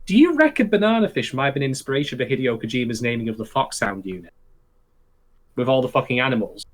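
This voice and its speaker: A man's voice: medium pitch, very animated, quick pace. A man co-hosting a casual anime podcast, full of playful asides. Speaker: podcast co-host.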